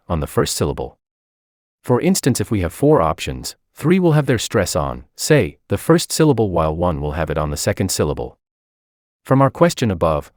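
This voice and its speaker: A man with a very low voice reads a scripted exam tutorial, listing rules and example words in turn. His pitch swings widely as he reads. The recording is dry and close, with no room sound. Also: darkish tone, no echo. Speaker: English language tutor. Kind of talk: scripted instructional reading.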